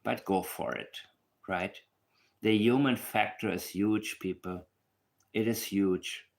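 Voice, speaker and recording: A man's voice: on the low side, fairly even intonation, slow pace, creaky. A man giving casual true crime commentary alone, emphatic and repeating his points for stress.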